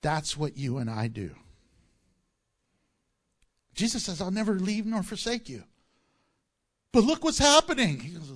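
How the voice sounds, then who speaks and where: An animated male pastor preaching with a high-pitched voice that swings widely up and down. He reads scripture aloud, then drops into playful asides and acts out the lines he quotes. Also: normal speed, long pauses. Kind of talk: sermon.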